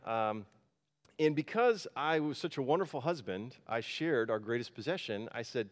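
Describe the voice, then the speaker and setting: A pastor telling a personal story in a casual, folksy sermon, with frequent fillers. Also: male voice, medium pitch, lively intonation, moderate pace.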